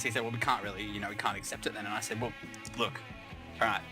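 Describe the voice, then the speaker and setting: A man's voice: lowish voice, little pitch movement, fast talker, over music. A young Australian man telling a rambling comic story, swearing constantly and puffing up small events with mock-grand exaggeration.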